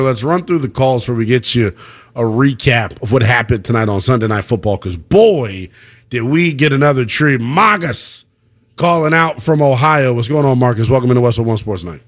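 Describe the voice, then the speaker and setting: A young man hosting a call-in sports radio show, ranting in a slangy, animated way. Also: medium pitch, moderate pace. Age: young adult.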